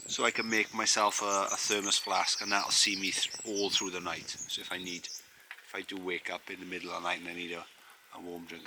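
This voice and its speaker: A man from the UK vlogging at a rural campsite, rambling along with lots of ums. His voice is bright and forward, with faint outdoor noise around him. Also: lowish voice. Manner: chatty and rambling, with many fillers. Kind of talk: casual camping vlog to camera.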